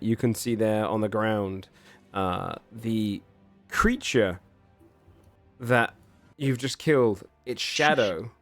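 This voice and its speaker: A man's voice: mid-range voice, no echo. A man running a tabletop game as game master, narrating scenes in a loose, descriptive way full of "kind of" and "like".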